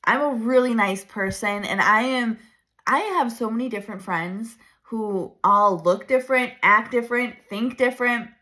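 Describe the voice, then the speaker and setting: A woman in her thirties coaching her viewers in a chatty, animated way, laughing often. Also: on the high side, moderate pace. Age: 30s. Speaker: branding coach. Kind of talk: casual coaching talk to camera.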